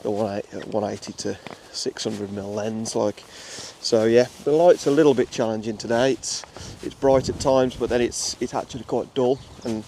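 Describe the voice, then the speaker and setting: This casual outdoor vlog comes from a young English wildlife photographer with a Midlands accent, walking and filming in a nature reserve. He speaks at normal speed with few pauses, in a medium-pitched, fairly even, dark-toned voice, though fillers and restarts are frequent. A little hiss or hum is present.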